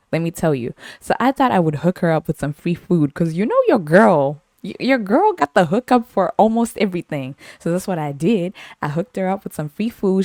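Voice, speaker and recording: Playful low-voiced woman podcaster. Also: a little mellow, no room sound, clean studio sound. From Zimbabwe. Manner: playful, repeats phrases, laughs often. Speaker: podcast host. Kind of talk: casual storytelling.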